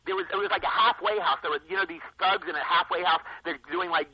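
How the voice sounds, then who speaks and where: A man telling anecdotes as a guest actor in a casual interview, in an excitable, nerdy way. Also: high voice, quick pace, slightly rough, dull audio.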